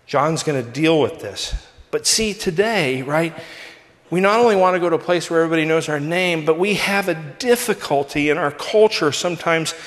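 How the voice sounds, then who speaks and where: A man preaching a sermon and telling a personal story with animated, self-mocking delivery. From Southern California. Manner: lively storyteller, big pitch swings, self-mocking. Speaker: pastor. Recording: long hall reverb.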